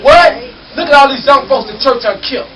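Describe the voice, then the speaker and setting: A man's voice: very high voice, fairly quick, crowd noise. A man preaching a fiery call-and-response sermon in a church, repeating "come on, somebody" to rouse the congregation. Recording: distant mic with loud congregation.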